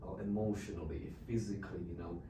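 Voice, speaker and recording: A man from the Czech Republic who speaks English with a Czech accent, an expressive missionary telling stories as an interview guest. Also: low-pitched, fast talker, background noise. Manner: expressive, laughs often. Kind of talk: animated storytelling. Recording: roomy, distant mic.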